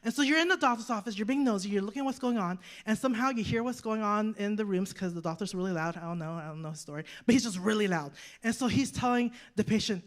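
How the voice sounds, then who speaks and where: A woman in her thirties preaching a sermon, telling a personal story with lively, acted-out quotes and frequent rhetorical questions. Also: mid-range voice, fast talker, few pauses. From United States. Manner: animated storytelling, acting out quoted voices, rhetorical "right?". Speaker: guest preacher.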